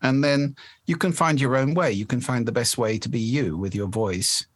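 During an interview, a male voice expert explains speaking habits in a measured, articulate manner. His pitch is medium, and there's no room sound.

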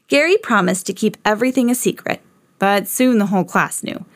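A woman hosting a children's read-along, narrating a picture book aloud in an expressive way. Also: medium pitch, brisk, no room sound, clean studio sound. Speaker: host reading to children.

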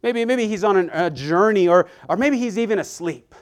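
A bold prophet who sneers at his rivals and dares them to shout louder, put on by a preacher in mid-sermon. The voice climbs high and taunts. It stays smooth and resonant even while he goads. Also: normal speed, natural voice. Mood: mocking. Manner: sarcastic and goading, voice pushed higher and louder. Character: bold, taunting male Old Testament prophet. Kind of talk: acted quote within a sermon.

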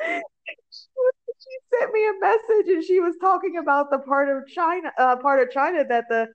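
A woman's voice: extremely high pitch, expressive, dull audio. A young adult woman co-hosting a podcast in casual chat, giggling often as she talks. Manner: giggly, slow, laughs often. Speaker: podcast co-host.

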